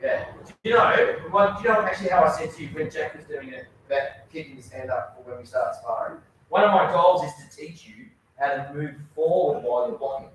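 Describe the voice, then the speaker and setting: Encouraging karate instructor in an echoey hall. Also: male voice, a little high, animated, fairly quick, a little hiss or hum. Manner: encouraging, praising students often. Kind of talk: coaching a children's class. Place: indoor training hall. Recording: very echoey hall, mic far off.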